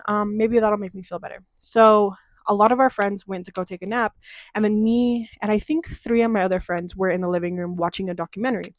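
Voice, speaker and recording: Young woman vlogger, dramatic and cussing, mid pitch, dry room. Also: brisk, no echo. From Denver, USA. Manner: animated, profane, dramatic storytelling with quoted voices. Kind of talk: casual storytime chat.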